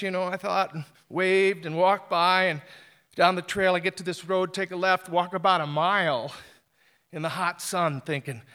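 A man tells a personal story live, animated and self-deprecating. His voice sits high and bright. He stumbles and restarts phrases as he goes. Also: clean tone.

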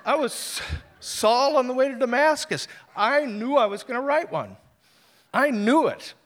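A man tells a personal story live, animated and self-deprecating. His voice sits high and bright. He stumbles and restarts phrases as he goes. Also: measured pace.

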